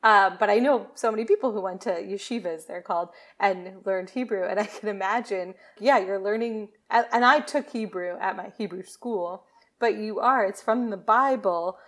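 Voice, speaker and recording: A woman co-hosting a podcast in casual chat, chatty and quick to laugh. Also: mid-range voice, fairly bright tone. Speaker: podcast co-host.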